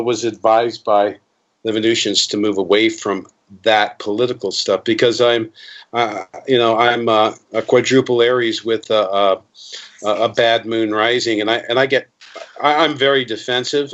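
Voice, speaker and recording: A man in his fifties, an interview guest, telling stories in a rambling way with many restarts, and acting out the people he quotes. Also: lowish voice. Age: 50s. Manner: animated, acting out quoted voices. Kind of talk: casual storytelling interview. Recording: dull lo-fi interview recording.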